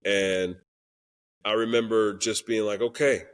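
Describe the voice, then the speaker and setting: A young man with a medium-pitched, fairly bright voice speaks unhurriedly as a podcast guest, a Christian rapper sharing a personal story in candid conversation. He is earnest and emotional, acting out the voices of the people in his tale.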